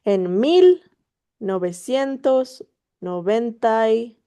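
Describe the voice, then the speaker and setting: A woman's voice: fairly high pitch, expressive, slow, dark tone, smooth. A woman tutoring Spanish on a video call, explaining casually and encouragingly, switching between English and Spanish, laughing easily and swearing offhand. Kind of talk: online one-on-one language lesson.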